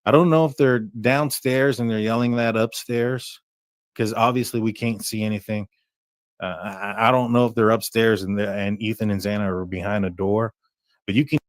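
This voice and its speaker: A man's voice: on the low side, steady tone, no echo, studio quality. A man casually talking through a crime case recording, rambling and restarting his sentences often. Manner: rambling, halting with many restarts. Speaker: true crime commentator. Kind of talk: casual commentary on a call recording.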